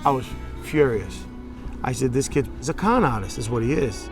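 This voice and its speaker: A man's voice: mid-range voice, animated, normal speed, music in the background. A man in a documentary interview, bluntly telling a story and acting out both sides of phone calls.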